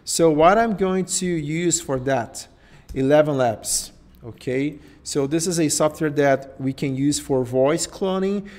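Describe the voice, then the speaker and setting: A man's voice: a little high, measured pace, darkish tone. A man with a Portuguese accent, a native Portuguese speaker, hosting a live screen-share tutorial and thinking aloud, often tagging his sentences with "okay?" and "right?". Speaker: host.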